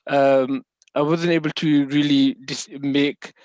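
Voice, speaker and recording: A man's voice: fairly high pitch, little pitch movement, slow pace, darkish tone, lo-fi sound. A man asking a question in an online class, hesitant and full of fillers. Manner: hesitant, many fillers and restarts. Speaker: student. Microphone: video call microphone.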